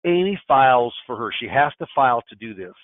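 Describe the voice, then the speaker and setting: A man in his sixties presents a webinar in a folksy, emphatic way, often restarting and repeating his words. His voice sits at an ordinary pitch. It comes through a narrow, phone-like line with no room sound. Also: sing-song, a little fast, no room sound. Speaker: financial advisor presenting a webinar.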